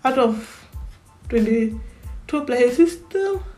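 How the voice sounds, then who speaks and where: A woman's voice: fairly high pitch, lively intonation, slow pace, warm tone, faint music behind, low-quality recording. A woman giving casual fan commentary on a vlog, chatty, repeating words as she talks things over. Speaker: Formula One fan vlogger.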